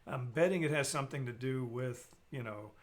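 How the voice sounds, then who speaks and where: A man's voice: medium pitch, brisk. A man hosting a casual live stream, rambling and joking while he reads out viewer comments.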